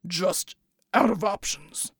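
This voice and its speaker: A woman putting on a gruff rumbling big man. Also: takes it slowly, no room sound, studio quality. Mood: strained. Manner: low clipped rumbling lines.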